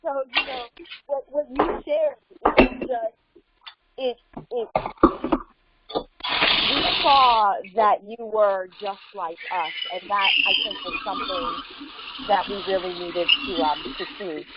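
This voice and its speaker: A woman's voice: medium pitch, slow pace, pauses often, very noisy. Hesitant woman host on a lo-fi call. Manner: warm, hesitant, many fillers. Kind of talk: interview hosting. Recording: dull lo-fi call audio.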